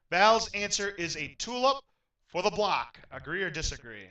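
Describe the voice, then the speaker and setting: A man with a high, bright voice hosts a game show in an upbeat announcer manner, reading questions and calling results. He sits a little off the mic, and faint music plays behind him. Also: moderate pace, recorded from a distance, low-quality recording. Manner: upbeat, announcer-like, bursts into excitement at wins.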